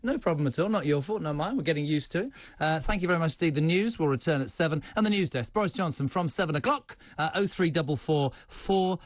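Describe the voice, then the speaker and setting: An older man in his sixties presenting a talk radio show from a studio, jokey and excitable in rapid-fire banter. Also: on the high side, dry recording. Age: 60s.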